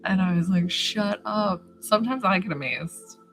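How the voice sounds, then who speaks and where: A woman's voice: on the low side, lively intonation, a little fast, poor audio. Chatty woman live streaming over music. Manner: chatty, bubbly, addresses viewers by name. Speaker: psychic medium and intuitive healer hosting a live stream. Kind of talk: casual live-stream chat. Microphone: phone camera.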